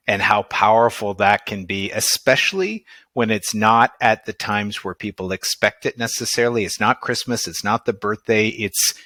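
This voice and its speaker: A man's voice: fairly low pitch, pushed and bright, no echo. A man hosting a coaching podcast, asking his guest questions and reflecting thoughtfully on the answers. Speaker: podcast host and performance coach.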